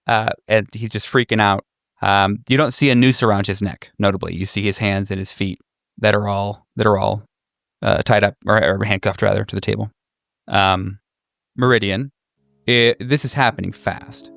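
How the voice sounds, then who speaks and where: A man narrating as game master of a tabletop horror game, describing scenes with frequent halting fillers. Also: on the low side, steady tone, vocal fry, a bit bright, no echo, clean studio sound.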